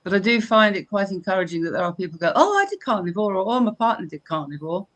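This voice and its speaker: A woman's voice: medium pitch, fast. Chatty older Englishwoman hosting a live chat. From England. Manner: chatty, animated storytelling with frequent restarts. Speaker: host. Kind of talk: casual live-stream chat.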